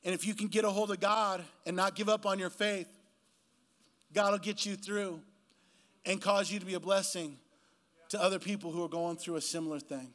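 Casting: male preacher, early fifties, high-pitched, animated storyteller who voices the people in his stories. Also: normal speed. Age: 50s. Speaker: guest pastor. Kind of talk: sermon. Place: church.

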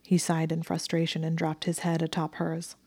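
A woman narrating romance fiction aloud in a soft, intimate, even storytelling manner. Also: low voice, moderate pace, husky, no echo. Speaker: audiobook narrator.

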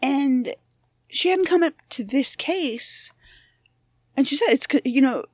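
A woman's voice: high voice, expressive, slow, no room sound, clean studio sound. A woman hosting a true-crime podcast, talking casually and frankly, with plenty of swearing and self-deprecating asides. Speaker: podcast host. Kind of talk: casual monologue intro.

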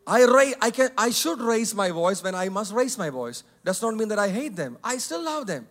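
Male pastor, higher register, repeats points, shifts from soft asides to loud emphasis. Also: very animated, normal speed. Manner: emphatic, repetitive, swings between loud and soft. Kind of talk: sermon. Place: church hall.

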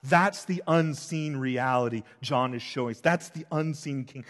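A man preaching an expository sermon as pastor, shifting between loud emphasis and hushed, intense passages. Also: medium pitch, moderate pace, hardly any pauses. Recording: long hall reverb.

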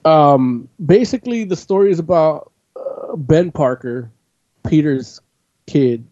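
Mellow-voiced man rambling in casual chat. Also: on the high side, animated, slow pace, dry recording. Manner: rambling, profane, full of "like". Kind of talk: casual chat, recapping a comic. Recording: dull lo-fi audio.

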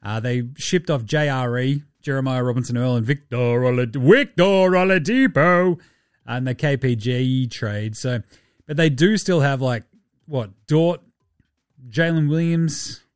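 A man with an Australian accent hosting a casual solo sports podcast, loose, sweary and quick to laugh. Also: medium pitch, fairly even intonation, darkish tone, clean tone, dry recording. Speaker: podcast host.

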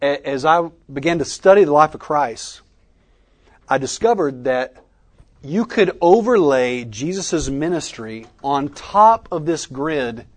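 A man teaching a conference workshop, asking the audience questions and pausing for their answers. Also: on the high side, expressive. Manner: interactive, quizzing the audience with questions; Southern "y'all" in speech. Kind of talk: teaching session. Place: conference room with a live audience.

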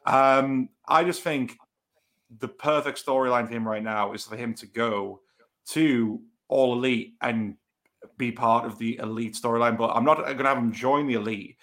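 A man's voice: medium pitch, normal speed, a bit bright. A man co-hosting a casual podcast chat, explaining his picks at length. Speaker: podcast co-host.

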